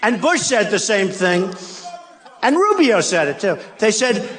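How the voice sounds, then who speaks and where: A bit bright and sitting high, this older man's voice swings widely in pitch at a measured pace, with a little hiss or hum. He's a political candidate giving a boastful, repetitive rally speech with mocking asides in a large arena, a faint crowd and ambience behind him.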